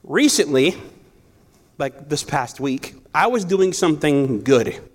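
Guy preaching, chatty storytelling sermon, slightly high voice. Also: very animated, takes it slowly. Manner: conversational, storytelling, self-correcting. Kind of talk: sermon with personal stories.

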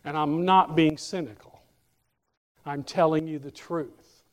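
High-voiced preacher in a reverberant hall. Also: male voice, measured pace. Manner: animated preaching, addresses congregation members by name. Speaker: pastor. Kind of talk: sermon. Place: church.

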